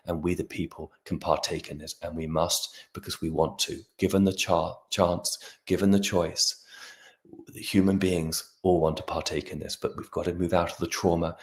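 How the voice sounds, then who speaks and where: A middle-aged man, a guest astrologer on a video-call interview, talking in an expansive, animated way with frequent restarts. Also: low-pitched. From Britain. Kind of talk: podcast interview.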